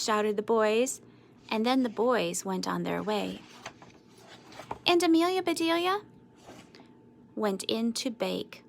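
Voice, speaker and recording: A woman reading a children's storybook aloud with expressive, sing-song narration. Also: on the high side, slow pace, vocal fry, long pauses, a little hiss or hum. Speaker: storybook reader.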